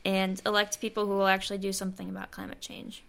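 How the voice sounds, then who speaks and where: A woman's voice: medium pitch, completely flat delivery, fast, vocal fry, fairly bright tone, a little hiss or hum. A young adult woman co-hosting a science podcast, explaining research in a loose, chatty way full of "like" and "you know". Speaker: podcast co-host and monarch researcher. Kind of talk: casual science podcast chat.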